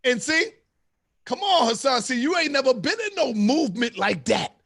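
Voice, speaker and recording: A man hosting a live-stream debate, loud, profane and preaching. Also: very high-pitched, very animated, normal speed, vocal fry, husky, no echo, clean studio sound. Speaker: host.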